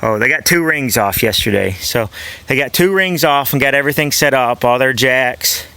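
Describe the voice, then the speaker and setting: A man's voice: mid-range voice, normal speed, clear, resonant tone, no echo, poor audio. A man in his thirties hosting a farm vlog, talking in an easygoing, rambling way with plenty of fillers as he walks around outdoors. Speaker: farm vlogger, host. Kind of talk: casual vlog narration. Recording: outdoor camera recording with steady background noise.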